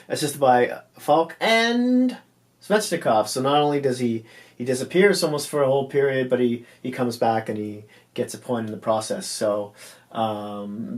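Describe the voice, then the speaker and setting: A man casually recapping hockey games. He talks loosely, fills pauses with ums and uhs, and stumbles over player names. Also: mid-range voice.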